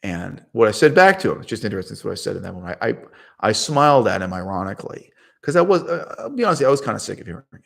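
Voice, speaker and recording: A man's voice: lowish voice, sing-song, quick pace, vocal fry, a bit bright. A man hosting his own channel, telling a personal story in a digressive, self-correcting way and laughing at himself. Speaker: channel host. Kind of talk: rambling personal monologue.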